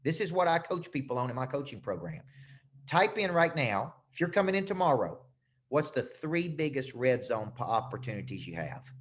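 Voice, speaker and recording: Brief: man, business coach on a live webinar, emphatic and fired-up, mid-pitched voice, computer mic. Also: sing-song, normal speed, a little hiss or hum.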